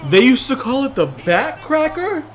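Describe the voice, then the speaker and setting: Rambling profane young gaming commentator. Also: male voice, very high voice, big pitch swings, moderate pace, soft background music. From outside the US. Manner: rambling, profane, bursts into loud exasperated outbursts. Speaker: gaming YouTuber. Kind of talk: casual let's-play commentary.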